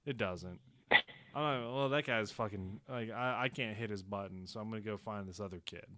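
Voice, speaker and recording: A man's voice: fairly low pitch, moderate pace, pushed and bright, dry recording. A man hosting a casual podcast chat, talking bluntly and crudely with wry asides. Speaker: podcast host.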